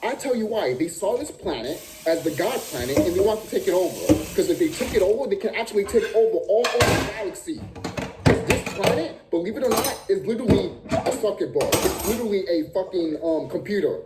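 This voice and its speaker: This is an expletive-laden, heated rant from a vlogger whose voice swings widely up and down in pitch. The delivery is insistent and repetitive, hammering the same phrases for emphasis. A steady hiss of background noise sits clearly under the recording. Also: a little fast. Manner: profane, emphatic, repeats phrases. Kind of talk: ranting monologue.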